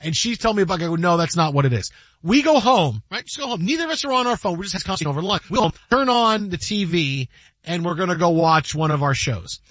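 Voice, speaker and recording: A man hosting a sports talk show, telling lively stories in a high voice and acting out what he said. The sound is dry and a bit dull, close on a studio mic. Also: fast talker, no echo. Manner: animated storyteller, acts out his own quotes. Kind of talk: casual sports talk chat.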